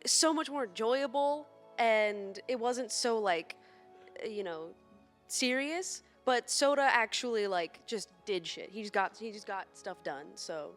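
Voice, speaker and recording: A woman's voice: fairly high pitch, animated, measured pace, faint music behind. A woman on a convention panel, giving frank opinions and swearing casually.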